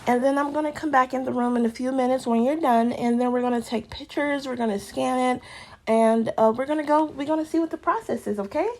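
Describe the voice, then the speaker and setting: A woman voicing a calm, upbeat female medical technician who gives brisk, matter-of-fact instructions. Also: high-pitched, voice pushed up, low-quality recording.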